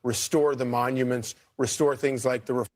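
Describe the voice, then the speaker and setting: Measured male news panelist. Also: mid-range voice, steady tone. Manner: measured, with many fillers. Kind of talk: cable news commentary.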